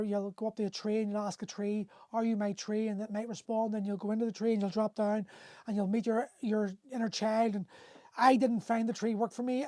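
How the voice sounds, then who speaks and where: A man in his forties talks earnestly to his live viewers, circling back and restarting his sentences as he goes. His voice is mellow and soft-edged. The sound is close and dry, with no room echo. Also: high voice. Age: 40s. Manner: earnest and rambling, with many restarts, answering viewer comments. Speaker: host of a men's coaching livestream. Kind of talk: impassioned motivational talk to live viewers. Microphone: phone or webcam on a livestream.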